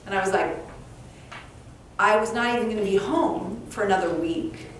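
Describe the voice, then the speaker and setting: A woman's voice: mid-range voice, moderate pace. A woman author telling humorous stories as a guest at a live event, acting out bits of dialogue. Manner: animated, humorous, acts out dialogue. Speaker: author and speaker, interview guest. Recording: echoey room, distant mic, faint background noise.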